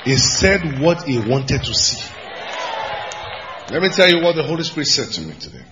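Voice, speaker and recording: A man preaching a sermon as pastor, emphatic, jumping from shouted lines to low asides. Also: sing-song, normal speed, highs cut off, crowd noise, background noise. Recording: hall reverb.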